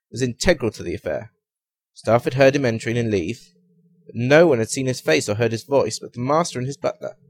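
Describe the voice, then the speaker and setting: A man reading a comic detective story aloud with a wry, expressive delivery. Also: medium pitch.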